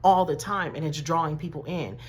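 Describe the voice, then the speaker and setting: A woman doing her wise, gentle mother. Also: low-pitched, a little fast, natural voice. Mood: soothing.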